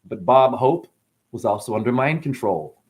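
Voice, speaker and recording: A man performing freestyle spoken-word rhymes, stream-of-consciousness wordplay that swings between low murmurs and sudden high bursts. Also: expressive, moderate pace, a little mellow.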